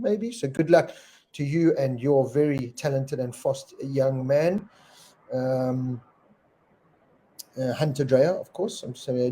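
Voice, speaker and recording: A man's voice: medium pitch, dark tone. A middle-aged man with a South African accent, hosting a live stream in a casual, jokey way and reading out viewers' names and comments. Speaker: host.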